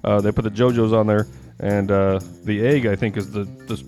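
A man's voice: lowish voice, flat delivery, fairly quick, darkish tone, soft background music. A man telling rambling, profane stories in a casual podcast chat with friends. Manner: rambling storyteller, swears freely. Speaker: podcast co-host.

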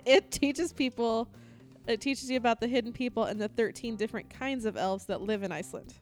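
A woman's voice: on the high side, brisk, faint music behind. A woman presenting a quirky news segment in a casual talk show, chatty and full of fillers and laughs. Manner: chatty, laughing, reads from printed notes with fillers. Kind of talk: casual comedic news reading.

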